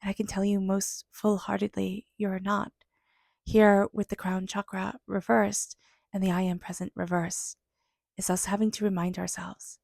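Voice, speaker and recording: A woman's voice: medium pitch, little pitch movement, normal speed, vocal fry, a little mellow, no echo, clean studio sound. A woman giving an intuitive tarot reading, speaking earnestly and reflectively straight to her viewers. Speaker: tarot reader.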